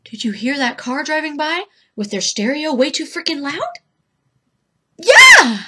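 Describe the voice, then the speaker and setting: A woman's voice: high-pitched, normal speed, a bit bright. A woman vlogging from home in a giggly, rambling chat, talking to her cat. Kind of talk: casual chat to camera.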